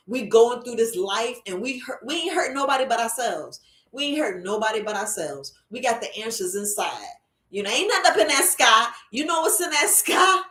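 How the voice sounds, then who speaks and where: Her voice is fairly high and sharp-toned as this herbalist hosts a casual live stream. She repeats herself in a preachy motivational talk, addresses viewers as family, and sits across the room from her computer, so the sound echoes roomily.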